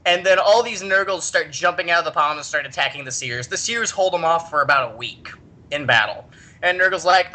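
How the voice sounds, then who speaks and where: A podcast host retelling a story with animated energy and frequent laughter. The voice is bright and forward, and the pitch swings widely. It is a loose, conversational delivery. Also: brisk.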